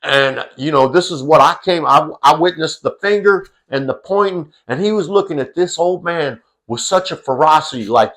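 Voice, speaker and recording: A man's voice: fairly high pitch, moderate pace, hardly any pauses, fairly bright tone, poor audio. A middle-aged man with a drawl tells a personal story in a loose, rambling vlog style. He is folksy and salty-tongued and pads his sentences with "you know" and "I gotta tell you.". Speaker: vlogger telling a personal story. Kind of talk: casual storytelling.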